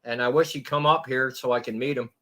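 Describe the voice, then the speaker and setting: A man's voice: medium pitch, steady tone, fast, bright, forceful tone. A man live streaming and chatting casually with his viewers, rambling in a crude and profane way.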